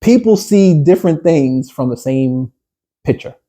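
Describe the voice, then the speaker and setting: Man, business coach, husky mellow voice, rambling workshop chat, fillers and restarts, questions to the group. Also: fairly high pitch, animated, a little slow. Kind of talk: workshop talk to a small group.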